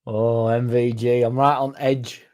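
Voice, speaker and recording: A man's voice: mid-range voice, flat delivery, unhurried, darkish tone. A man hosting a casual livestream, rambling, swearing and chatting to viewers by name. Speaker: fan channel livestream host.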